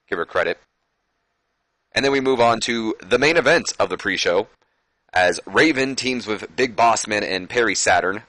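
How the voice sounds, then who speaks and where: A man's voice: low-pitched, fairly bright tone, no echo. A man giving casual, self-mocking commentary on a game, reading out match results and ratings. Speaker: let's-play commentator.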